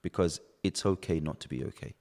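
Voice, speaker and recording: A man's voice: very deep voice, a little fast, darkish tone. A man hosting a podcast, talking in an earnest, reflective way. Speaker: podcast host. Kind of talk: casual chat. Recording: reverberant room.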